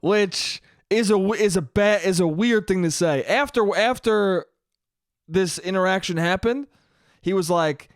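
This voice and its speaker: A young man talks alone into a podcast mic, swearing freely and rambling. He often breaks off mid-sentence and restarts. His voice sits fairly high, and the sound is dry and close. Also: lively intonation, normal speed, clear, resonant tone, dry recording. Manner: profane, rambling, self-interrupting. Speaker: podcast host. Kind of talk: solo comedic podcast monologue.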